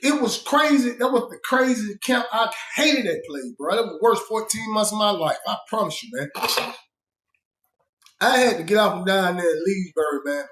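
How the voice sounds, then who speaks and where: A man casually telling a story about his time in prison. His talk is blunt and profane, full of fillers, and he changes his voice to act out the people he quotes. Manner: shifts pitch and loudness to act out quoted people. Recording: roomy echo.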